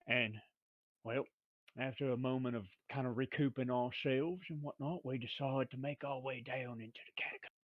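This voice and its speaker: A man recapping a tabletop game session in a playful, rough-talking manner, full of slang and asides. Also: medium pitch, fairly even intonation, normal speed, no echo, dull audio. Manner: playful rough-talking brute drawl, "me brother", "we was".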